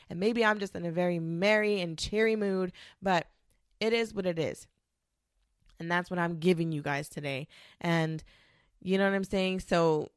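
A woman's voice: medium pitch, no echo, clean studio sound. A woman in her twenties hosting a casual solo podcast, rambling and sassy with lots of swearing and fillers. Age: 20s. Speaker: podcast host.

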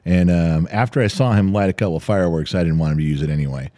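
A man's voice: low voice, fast talker, few pauses, no room sound. A middle-aged man co-hosting a podcast, telling family stories in casual chat and swearing now and then. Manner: animated storyteller, swears casually. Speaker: podcast co-host.

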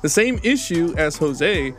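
A man's voice: on the high side, big pitch swings, measured pace, a bit bright, soft background music. Rambling young man telling stories. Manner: rambling storyteller, swears often, laughs at himself. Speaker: podcast co-host. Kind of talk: casual chat.

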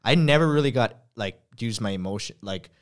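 A man's voice: fairly low pitch, expressive, a little fast. A man hosting a podcast, telling stories in rambling casual chat full of "like" fillers. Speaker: podcast host.

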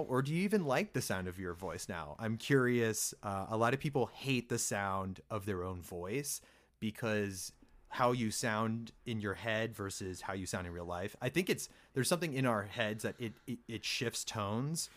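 A man guesting on a podcast in casual chat, asking halting questions and joking about himself. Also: fairly low pitch, expressive. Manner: playful, self-mocking, halting questions. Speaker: podcast guest and co-host of another show.

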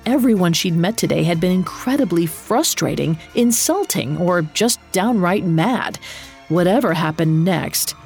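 A woman narrates a storybook in a calm, measured, expressive way. Her voice sits fairly low with a gravelly fry. Faint music plays under her reading. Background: soft music.

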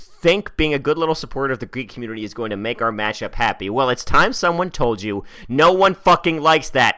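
Ranting, animated man reading aloud. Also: fairly high pitch. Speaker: podcast host. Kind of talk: dramatic reading of an email.

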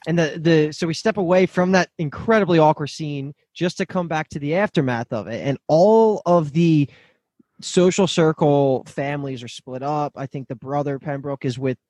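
A man's voice: fairly high pitch, normal speed, a little mellow, no room sound. A man hosting a casual podcast chat, recapping a TV episode scene by scene with small restarts.

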